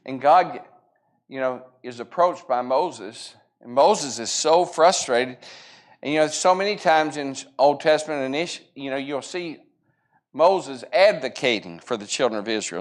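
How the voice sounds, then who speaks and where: A man's voice: medium pitch, unhurried. Man, Bible class teacher; earnest, conversational, acts out quoted lines as he retells scripture. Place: church classroom.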